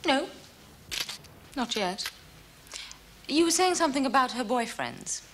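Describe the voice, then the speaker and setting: An actress playing a cool, upper-class English woman detective in a 1980s crime drama, crisp and dry in manner. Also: high-pitched, sing-song, unhurried. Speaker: police detective. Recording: noisy 1980s TV soundtrack, distant.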